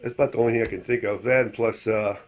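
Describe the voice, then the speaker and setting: A man's voice: mid-range voice, steady tone, racing. A man telling a joke in a casual, rambling monologue, leaning on fillers and chuckling at his own story. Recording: dull lo-fi recording.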